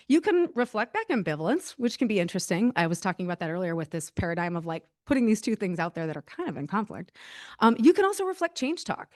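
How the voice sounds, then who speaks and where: A woman's voice: mid-range voice, very animated, fast talker. Woman presenter, conversational lecture delivery, filler-heavy and self-deprecating. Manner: chatty, many fillers, laughs at herself. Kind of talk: casual presentation.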